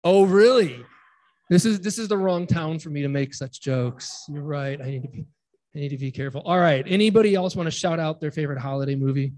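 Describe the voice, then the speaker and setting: A man in his forties preaches in a loose, conversational way, trading quick jokes with the people in the pews. His voice sits a little higher than most men's. He leads prayer in the same easygoing, unpolished tone. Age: 40s. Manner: relaxed, chatty, jokes with the congregation. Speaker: pastor. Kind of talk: informal sermon with congregation banter.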